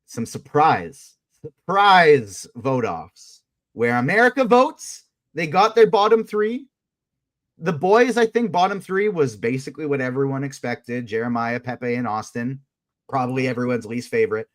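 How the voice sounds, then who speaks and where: A man's voice: mid-range voice, animated, a little slow. A man co-hosting a live fan podcast, chatting casually in a self-amused way with stumbling restarts. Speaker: podcast co-host. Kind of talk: casual recap chat.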